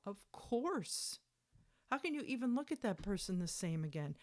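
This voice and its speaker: A woman's voice: on the low side, expressive, a little slow, a little mellow. A woman reading messages aloud and breaking in with sarcastic, indignant commentary. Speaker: commentator reading court documents.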